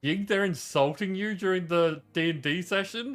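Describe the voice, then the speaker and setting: A male streamer jokes with his chat while he plays. His voice is bright and smooth, at a middle pitch. Faint game music plays underneath. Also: moderate pace. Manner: joking, greets chat by name. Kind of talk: casual chat over gameplay.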